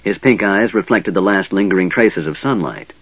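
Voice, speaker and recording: A man narrating a fantasy audiobook in an expressive reading, recorded dull and dry. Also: low-pitched, normal speed, slightly rough, no room sound. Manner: lively, expressive reading with many voices.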